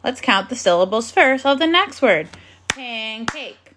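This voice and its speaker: A woman leads a phonics and grammar lesson for young children, speaking slowly and carefully with an encouraging classroom manner. Her voice is high-pitched, slightly bright, and very animated.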